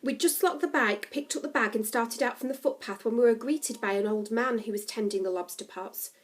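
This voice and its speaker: A woman reading a novel aloud, narrating the story in a steady, expressive way. Her voice sits a little on the high side. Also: fairly quick. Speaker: story reader.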